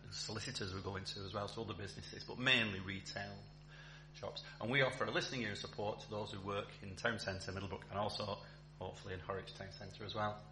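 Man, chatty chaplain talk, full of ums, low-ish voice, roomy hall. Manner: chatty and warm, with many ums and restarts. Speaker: visiting speaker, town centre chaplain. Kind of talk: church talk. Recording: echoey hall with faint hum.

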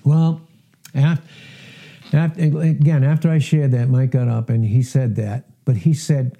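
A middle-aged male pastor delivers a sermon in a very dark, mellow voice with a husky edge. He talks earnestly and with emphasis, and his pitch climbs whenever he quotes a verse. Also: a little slow. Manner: earnest, emphatic, rises in pitch when quoting scripture.

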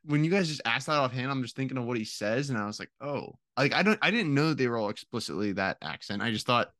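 Young man, podcast co-host, lively swooping voice, rambling, dry close mic. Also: mid-range voice, quick pace, no room sound. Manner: animated, rambling explanations. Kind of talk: casual chat among friends.

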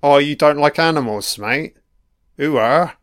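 A man's voice: on the high side, unhurried, a bit bright, no room sound, clean studio sound. A man giving a profane, mocking watch-along commentary on a TV episode, heckling the characters on screen. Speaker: film commentator.

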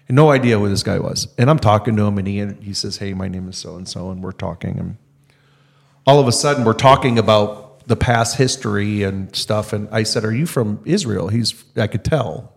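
A man's voice: on the low side, normal speed, gravelly. A man guest on a podcast telling an anecdote casually, acting out the dialogue he recounts. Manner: anecdotal, acts out quoted dialogue. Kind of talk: casual conversation.

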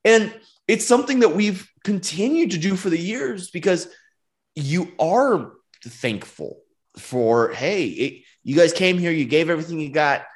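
Animated, laughing business owner man. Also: on the high side, a little slow. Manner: animated storyteller, acts out quoted dialogue, laughs often. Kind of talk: casual podcast storytelling.

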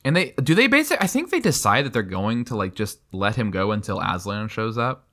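Low-voiced man, laughing book chat. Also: very animated, brisk, sharp tone. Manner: enthusiastic, laughs often, reads passages aloud. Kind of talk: casual book discussion.

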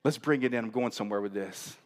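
A middle-aged man preaching a sermon as pastor, conversational and animated, building up to bursts of emphasis. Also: lowish voice, fast talker.

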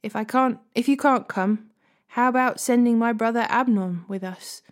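A woman's voice: a little high, normal speed, lightly acted. Woman reading as a scheming young prince. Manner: commanding. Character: scheming young prince ordering his men.

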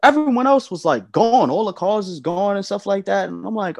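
A man, a podcast guest telling a personal story in a casual way, acting out the voices of the people in it and dropping low and soft at the sad parts. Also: a little fast, vocal fry, few pauses, no room sound, clean studio sound. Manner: animated, acts out quoted speech, drops low and soft when grieving.

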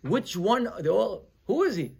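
With a high, gravelly voice edged with breathiness, a rabbi leads his weekly Torah class at a measured pace. His storytelling is animated, alternating forceful emphasis with quiet asides, and he weaves Hebrew terms into his English.

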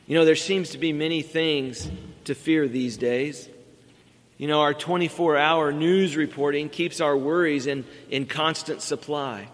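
A middle-aged pastor delivers his sermon in an earnest voice that sits a little high for a man. He leans into key words to drive his points home. His voice rings out with a long reverb, as in a large church sanctuary.

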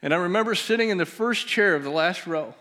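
A pastor telling a personal story in a sermon, his voice dropping to a near hush at the emotional moments. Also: high voice, expressive, fast talker. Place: church sanctuary.

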